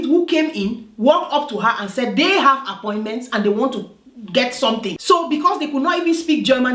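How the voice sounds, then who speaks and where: A woman from Africa telling a personal story in a vlog, emphatic and repetitive, often checking "do you understand?". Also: high voice. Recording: roomy echo.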